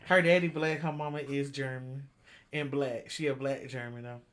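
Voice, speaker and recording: A woman chatting casually on a podcast, laughing often and reading out figures slowly. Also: very deep voice, steady tone. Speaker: podcast co-host. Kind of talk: casual chat.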